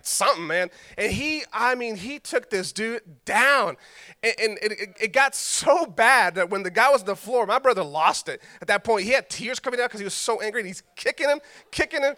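Male pastor, very high voice with a bright edge, casual joking sermon delivery. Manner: conversational, joking storyteller.

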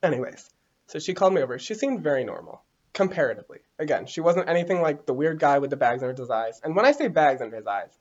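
A woman's voice: low-pitched, fast. A young woman co-hosting a podcast, telling stories in casual chat and laughing often. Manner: animated, laughing often, storytelling. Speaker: podcast co-host. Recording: dull lo-fi recording.

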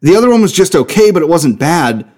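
A man's voice: fairly high pitch, very animated, brisk, dark tone. A man co-hosting a podcast in casual chat, enthusiastic and swearing freely. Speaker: podcast co-host.

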